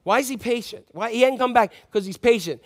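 A man's voice: extremely high pitch, brisk. A man preaching a sermon in a conversational, joking way, reading scripture with emphasis. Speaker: pastor.

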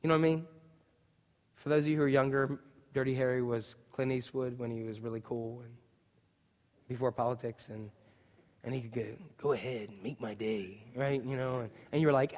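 A male pastor preaching a lively, jokey sermon, asking the congregation questions. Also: mid-range voice, brisk, pauses often, big-room sound.

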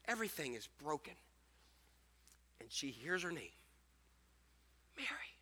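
A male pastor preaches with a very bright, forceful voice that swoops high and low. He jokes with the congregation and acts out little scenes as he goes. His voice sits fairly high for a man. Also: normal speed, breathy edge. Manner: animated, joking, acts out scenes. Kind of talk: sermon.

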